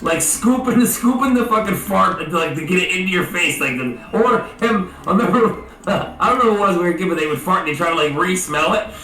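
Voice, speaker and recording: Guy in his 30s swearing and cracking up telling gross stories, kinda high voice, roomy echo, far from the mic. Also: lively intonation, brisk, hardly any pauses, bright, forceful tone. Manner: rambling, laughing, swears a lot. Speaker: podcast co-host. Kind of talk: casual crude chat. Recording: roomy echo, distant from mic, faint music.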